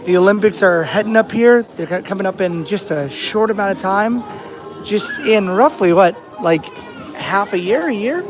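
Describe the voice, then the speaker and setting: Over music, a young American vlogger with a high-sitting, expressive voice tells a long, rambling travel story at a moderate pace. He's outside on a rainy beach with faint ambience around him, and he restarts his sentences many times.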